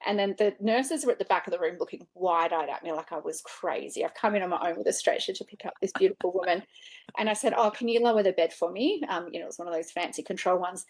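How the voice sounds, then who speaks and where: A woman who works as a funeral director and celebrant speaks earnestly in a casual interview, her voice low-ish, fast, and husky. She's an animated storyteller who acts out the words she quotes.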